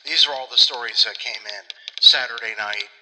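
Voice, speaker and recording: A man's voice: mid-range voice, normal speed, noisy background. A man hosting a podcast in casual, rambling, self-mocking chat. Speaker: podcast host.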